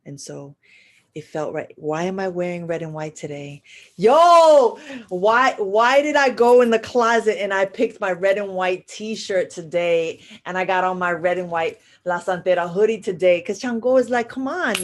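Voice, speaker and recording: A woman giving a live horoscope and spiritual reading to an audio chat room, blunt and profane, swinging from loud urging to soft murmurs, with repetitive chant-like phrasing. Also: lowish voice, moderate pace. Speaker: astrology and spiritual reader.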